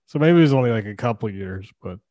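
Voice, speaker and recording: A man's voice: medium pitch, expressive, quick pace, dry recording, highs cut off. Guy rambling about movies, says like a lot, dry close mic sound. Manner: rambling, lots of "like", laughs. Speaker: podcast co-host. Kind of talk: casual movie chat.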